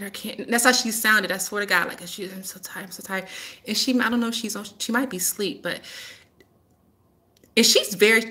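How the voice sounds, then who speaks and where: Emphatic woman with a bright, forceful voice. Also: medium pitch. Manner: emphatic, repeats her warnings. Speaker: healer hosting a live stream. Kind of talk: casual live-stream talk.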